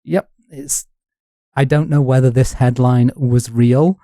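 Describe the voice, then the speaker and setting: A man's voice: medium pitch, fairly even intonation, slow, mellow, no echo. A man from the north of England, co-hosting a casual history podcast with dry, wry humour. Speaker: podcast co-host.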